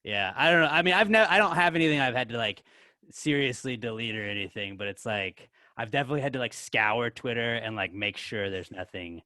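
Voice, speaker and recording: A man's voice: medium pitch, expressive, a little fast, bright, forceful tone, no echo, clean studio sound. A man co-hosting a podcast, rambling through filler-heavy casual chat and getting worked up. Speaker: podcast co-host.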